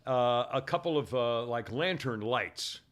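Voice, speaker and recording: A man in his seventies hosting a show, telling a rambling story full of halting restarts. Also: mid-range voice, lively intonation, fairly bright tone. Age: 70s. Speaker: radio show host. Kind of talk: casual chat and storytelling.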